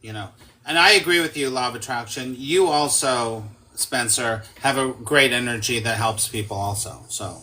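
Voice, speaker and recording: A man's voice: mid-range voice, moderate pace, pushed and bright, a little hiss or hum. A man talking as a guest in a casual conversation, emphatic, swearing freely and acting out quoted speech.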